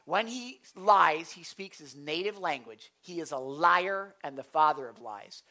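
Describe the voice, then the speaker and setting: A man preaching a sermon as pastor of a church, animated, swinging between quiet asides and loud, forceful delivery, speaking into a stage microphone in a church sanctuary. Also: a little high, a little slow.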